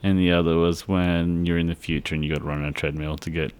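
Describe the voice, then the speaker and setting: A man's voice: low voice, little pitch movement, fast talker, darkish tone, clean tone. A man co-hosting a casual chat, laid-back, with short replies and questions. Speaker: podcast co-host.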